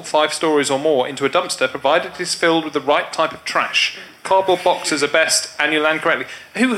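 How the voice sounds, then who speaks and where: A man, the show's producer, reads out a quiz answer in a matter-of-fact, amused way. His voice is bright and a touch high, with faint noise behind. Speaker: show producer.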